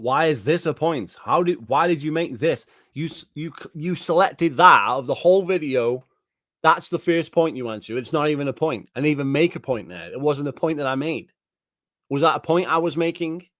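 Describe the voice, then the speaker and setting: A man's voice: a little high, fairly bright tone, dry recording, clean studio sound. A man, a gaming YouTuber ranting angrily and profanely, repeating himself as he reacts to a video. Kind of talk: angry reaction rant.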